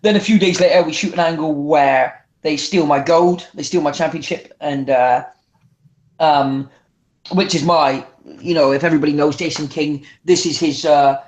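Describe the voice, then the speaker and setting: A man with a high voice tells animated stories as a guest on a casual interview show. He often restarts his sentences and mimics other people as he goes. The sound is echoey, as if recorded in a bare room. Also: normal speed. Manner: animated, acts out voices in anecdotes, frequent restarts. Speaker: guest wrestler.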